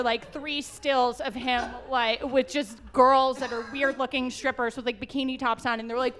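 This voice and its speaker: Laughing high-voiced American woman storyteller. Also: little pitch movement, normal speed, hardly any pauses, fairly bright tone. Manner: laughing storyteller, acts out quotes. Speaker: panelist. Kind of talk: animated anecdote at a live panel. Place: auditorium stage.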